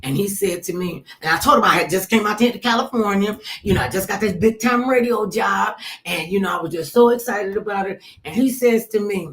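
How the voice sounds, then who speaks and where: A woman radio host telling a lively personal story in casual chat, with loud outbursts and quoted asides. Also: medium pitch, fairly quick, hardly any pauses, a little hiss or hum.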